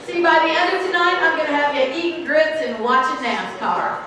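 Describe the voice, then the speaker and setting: A woman from Atlanta, giving a playful, energetic motivational speech and leading the crowd in call-and-response. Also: high-pitched, fairly quick. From Atlanta, Georgia. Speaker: guest speaker. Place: large convention hall. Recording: echoey hall from far off, noisy crowd.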